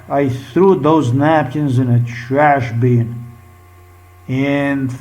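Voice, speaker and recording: Man, upset vlogger, swears, unhurried. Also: mid-range voice, darkish tone, rough recording. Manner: upset, profane, rambling. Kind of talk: agitated monologue.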